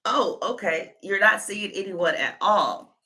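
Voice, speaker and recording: A woman's voice: mid-range voice, lively intonation, unhurried, bright, forceful tone. A woman reading tarot cards on a live stream, chatting with her viewers and thinking aloud as she goes. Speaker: tarot reader.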